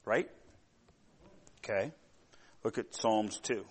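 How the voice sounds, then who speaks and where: A middle-aged man preaching a sermon, telling stories in a rambling way with many fillers and growing loud and animated when he gets worked up. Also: lowish voice, takes it slowly, slightly rough. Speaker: pastor.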